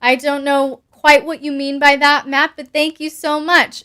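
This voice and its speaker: A woman's voice: high voice, little pitch movement, measured pace, few pauses, pushed and bright. A young adult woman hosting a live stream, reading viewer comments aloud with bubbly asides and frequent laughs. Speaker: host answering patron questions.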